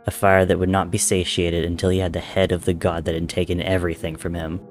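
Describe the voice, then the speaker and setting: A man narrating a dark dramatic story in a measured, intense reading. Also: sits low, little pitch movement, soft background music.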